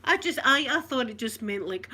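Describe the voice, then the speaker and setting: A woman's voice: a little high, lively intonation, moderate pace, bright, forceful tone, breathy edge. A Scottish woman from Scotland in casual live chat, talking to viewers, laughing often and reading out their comments. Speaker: vlogger.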